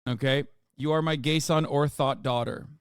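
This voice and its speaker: A man's voice: a little high, fairly even intonation, moderate pace, clear, resonant tone, dry recording, clean studio sound. Profane, mocking male streamer. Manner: profane, mocking, swings from loud outrage to mumbling asides. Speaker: streamer reacting to posts. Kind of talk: live stream reaction commentary.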